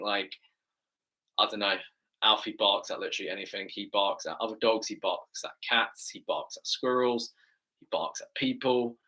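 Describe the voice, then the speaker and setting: A young man, a fitness coach, hosting a live-stream Q&A in an energetic, chatty way, repeating phrases and calling out to his viewers. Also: fairly low pitch, low-quality recording.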